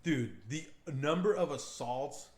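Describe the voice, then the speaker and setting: A man's voice: a little high, unhurried. A man co-hosting a podcast, telling a rambling, profane story in casual chat. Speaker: podcast co-host. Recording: echoey room.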